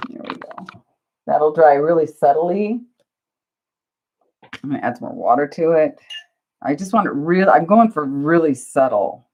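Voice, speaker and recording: A low-voiced woman with vocal fry chats through a crafting livestream, her pitch bouncing lively up and down. She's flustered and pokes fun at herself while talking to viewers, all over dull, lo-fi audio.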